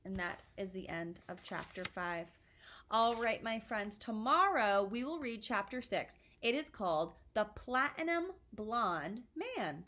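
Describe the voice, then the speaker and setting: A woman reading a children's book aloud to her listeners in a warm, expressive way. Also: mid-range voice, measured pace. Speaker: storyteller.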